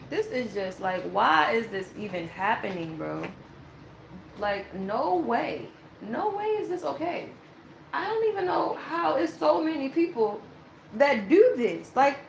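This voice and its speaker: A woman's voice: sits high, big pitch swings, a little slow, creaky, fairly bright tone, roomy sound, a little hiss or hum. A woman giving a blunt, ranting tarot reading in a casual monologue. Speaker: tarot reader.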